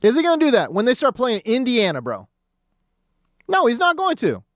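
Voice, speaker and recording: Animated, ranting sports radio host, a man. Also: extremely high pitch, normal speed, no echo, studio quality. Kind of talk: sports talk radio monologue. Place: radio studio.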